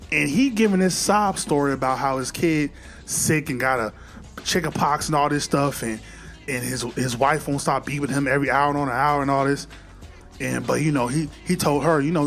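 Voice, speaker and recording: Man, casual movie recap, slangy storytelling, acts out quotes, faint music behind. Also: on the high side.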